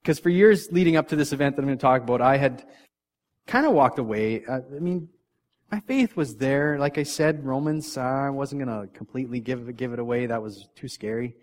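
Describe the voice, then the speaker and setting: A mid-pitched man preaching in a relaxed, conversational way, as if chatting with his congregation. He laughs at himself often and trips into restarts, and his voice drops to near-murmured asides before rising to emphatic points. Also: brisk. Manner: frequent restarts, loudness swings from soft to punchy. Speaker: pastor; father of three young kids. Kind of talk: casual conversational sermon.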